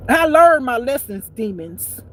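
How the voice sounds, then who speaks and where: A woman giving a profane spiritual rant as a life teacher, blunt and preachy, swinging between loud outbursts and low muttering. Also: sing-song, measured pace, low-quality recording. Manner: blunt and preachy, swearing freely.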